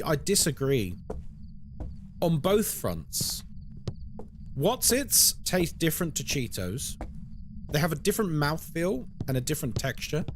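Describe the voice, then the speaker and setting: A man's voice: on the high side, noisy background. A young British man chatting casually on a live stream, reading out and answering chat. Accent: British English. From Britain. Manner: chatty, animated, reads chat aloud and answers it. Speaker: horror game streamer.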